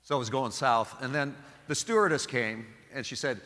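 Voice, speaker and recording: A middle-aged man, a Catholic priest, preaching a homily with animated, self-deprecating stories. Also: medium pitch, moderate pace, in a large hall.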